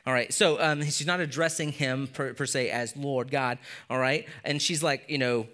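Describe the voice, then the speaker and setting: With a medium-pitched, expressive voice at normal speed, a pastor in his thirties preaches casually to his congregation. Serious points bring a softer tone, and he checks in frequently with "okay?" and "all right?"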